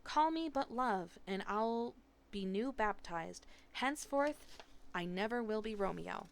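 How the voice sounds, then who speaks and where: A woman's voice: fairly high pitch, expressive, normal speed, close to an everyday voice. A woman voicing an earnest, theatrical teenage boy prince who talks in formal, old-fashioned phrases.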